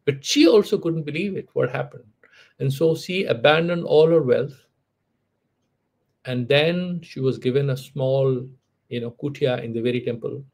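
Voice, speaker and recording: Male spiritual lecturer, husky and gravelly, storytelling with conversational fillers. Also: mid-range voice, normal speed, a little mellow. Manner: conversational, with frequent "you know" fillers and restarts. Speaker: spiritual teacher.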